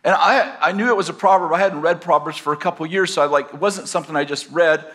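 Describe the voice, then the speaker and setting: A pastor telling a personal story to a live audience in a rambling, conversational way, with self-deprecating humor. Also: male voice, a little high, quick pace, a bit bright. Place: campus teaching session.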